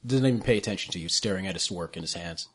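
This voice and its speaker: A man's voice: sits low, racing. A man narrating as game master of a tabletop game, describing scenes with laughs and restarts.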